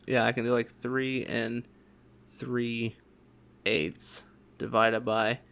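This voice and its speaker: Casual podcast guy, chatty, mid-pitched, does little voices when he tells stories. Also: level tone, takes it slowly, vocal fry, a bit bright, clean tone. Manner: chatty storyteller, acts out quoted voices. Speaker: podcast co-host. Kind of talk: casual chat.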